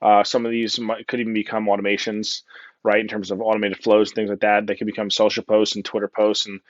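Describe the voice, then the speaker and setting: Jersey-accented man, low voice, casual joking presenter, dry dull-sounding audio. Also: monotone, fast, no echo. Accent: New Jersey. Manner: chatty, joking, many fillers and "right?". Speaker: conference speaker.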